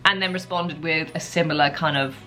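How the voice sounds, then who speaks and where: A young woman talks through her vlog in a loose, chatty way, full of little asides. Her voice sits a touch low for a woman. Faint music plays softly behind her. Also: brisk. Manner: chatty and relaxed, with many asides. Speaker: vlogger. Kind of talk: casual chat.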